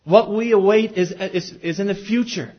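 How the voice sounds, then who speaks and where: A fairly high-voiced man preaching a sermon in a church sanctuary. He speaks earnestly and keeps putting questions to the congregation. The recording is dull and lo-fi. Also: moderate pace. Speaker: pastor.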